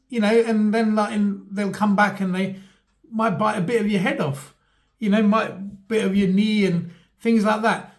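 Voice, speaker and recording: A man, talking to camera in a rambling, mock-earnest comic monologue with many fillers. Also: high voice. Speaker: vlogger.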